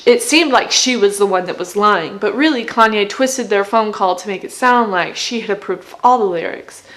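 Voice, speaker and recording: A woman's voice: a little high, fairly bright tone. A woman vlogger in casual chat, gushing with fan enthusiasm as she breaks down song lyrics.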